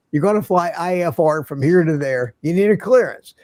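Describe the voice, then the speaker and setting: An older man hosts a relaxed livestream, his voice sitting a little high. He rambles through stories and laughs at his own jokes. The sound is dry and close, with no room around it. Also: moderate pace, gravelly, dry recording. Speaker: livestream host. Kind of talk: casual chat.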